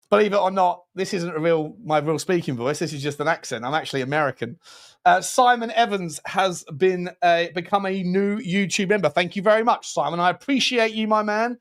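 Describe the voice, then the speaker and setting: Give me a chatty man hosting a livestream, voice pitched a bit high. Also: quick pace, a bit bright. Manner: rambling and jokey, lots of restarts. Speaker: football channel host. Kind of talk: casual livestream chat.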